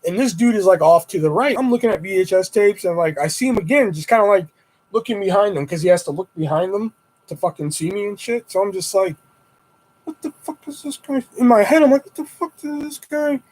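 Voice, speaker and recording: A young man hosting a casual livestream, rambling and swearing as he tells animated stories and jumps up high when he quotes himself. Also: fast, rough recording. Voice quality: profane, rambling storyteller. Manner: animated retelling with high-pitched quoted exclamations. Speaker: livestream host. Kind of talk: casual live-stream chat.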